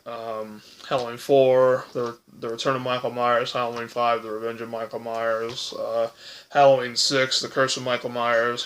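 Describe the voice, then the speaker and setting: A man's voice: medium pitch, a bit bright, a little hiss or hum. A young man casually ranking horror films, rambling with lots of fillers and self-corrections, voice cracking from hiccups. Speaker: movie reviewer.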